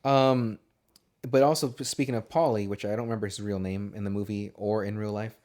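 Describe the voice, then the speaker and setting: A man's voice: fairly low pitch, fairly even intonation, brisk, darkish tone. A man co-hosting a casual movie podcast, talking in a rambling, profane way and laughing often. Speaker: podcast co-host.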